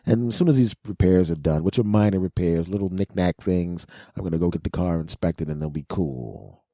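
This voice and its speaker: A male podcast host telling a comic, self-mocking story in a whiny, animated way. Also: sits low, fairly quick, no echo. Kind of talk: comic monologue.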